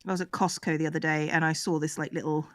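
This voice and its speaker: A woman's voice: deep voice, little pitch movement, quick pace, dry recording. A woman chatting casually on a livestream, making dry, matter-of-fact remarks. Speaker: streamer host.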